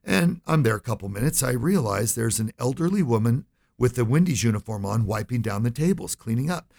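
Man, gravelly, husky, mid-pitched, animated storyteller, interview guest. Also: brisk. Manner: animated storyteller, acts out quoted voices. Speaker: financial advisor guest.

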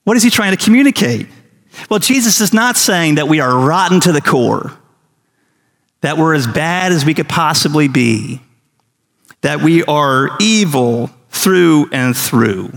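A middle-aged man preaching a sermon in a slightly high, gravelly voice. He presses his listeners with earnest questions and acts out little everyday scenes. The sound carries a long hall reverb. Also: expressive, a little slow, a bit bright. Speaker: pastor.

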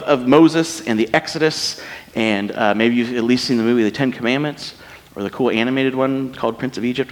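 A man pastor giving a casual sermon, conversational and joking, with many rhetorical questions. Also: a little high. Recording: long hall reverb.

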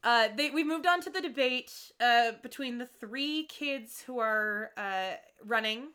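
A woman co-hosting a casual podcast, retelling a TV episode in a wry, profane, animated way. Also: on the high side, a little slow, smooth. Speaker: podcast co-host recapping a TV episode. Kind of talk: casual chat.

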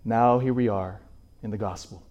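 A man preaching a sermon in an animated way, asking his listeners rhetorical questions. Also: fairly low pitch, normal speed, highs cut off.

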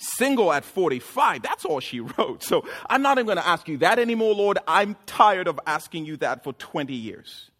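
A man preaching a sermon as pastor, animated and joking, with sudden loud outbursts. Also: sits high, normal speed, few pauses.

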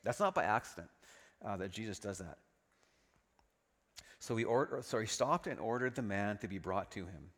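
Animated male preacher in an echoey hall. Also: lowish voice, normal speed, long pauses. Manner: lively, dramatic storytelling. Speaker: pastor. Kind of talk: sermon.

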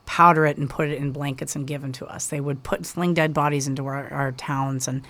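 A guest author talks earnestly and passionately in a casual interview. The voice sits at a middle pitch and often restarts its phrases. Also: steady tone, brisk, sharp tone.

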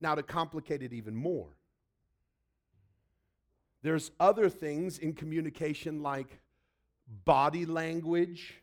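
Man, pastor, sermon, high voice, chatty preaching, acts out quotes. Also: takes it slowly, pauses often. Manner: conversational preaching with acted-out quotes.

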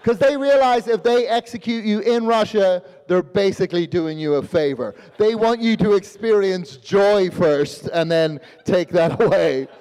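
A man's voice: high voice, moderate pace, few pauses, darkish tone, clear, resonant tone, big-room sound. A man with a mixed Northern Irish and London accent doing a stand-up set on a live stage, acting out voices and swearing freely. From born in Australia, raised in Northern Ireland. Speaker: stand-up comedian. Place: live comedy venue with audience.

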